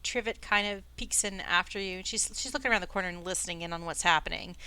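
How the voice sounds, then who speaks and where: A woman game master narrating a tabletop game in a chatty, animated way. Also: lowish voice, fast, clean tone, no room sound.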